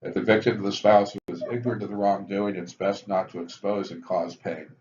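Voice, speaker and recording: Low-voiced man lecturing on recovery steps. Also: little pitch movement, darkish tone. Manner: measured, explanatory, stresses step headings. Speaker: physician teaching addiction recovery. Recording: dull lo-fi recording with faint hiss.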